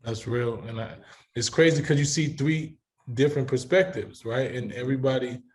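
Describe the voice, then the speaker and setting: A man's voice: mid-range voice, normal speed. A middle-aged man hosting a panel discussion, talking with passion and emphasis and repeating words as he builds his point. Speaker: talk show host.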